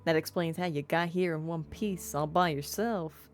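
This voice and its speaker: Friendly male soldier read by a woman, easygoing, lowish voice, soft music behind. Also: moderate pace, lightly acted.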